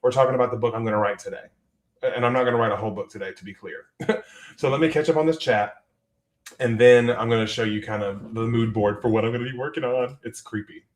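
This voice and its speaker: The host of this live writing stream speaks fast in a medium-pitched voice with a Southern US accent, and the room sound is noticeable. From his desk at home, he chats casually and reads viewer comments out loud.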